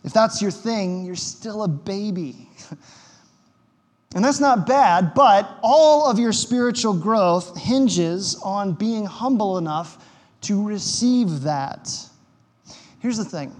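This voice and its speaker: A man's voice: sits high, lively intonation, takes it slowly, long pauses. A man preaching a sermon as pastor, conversational and emphatic, with wry quips. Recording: long hall reverb.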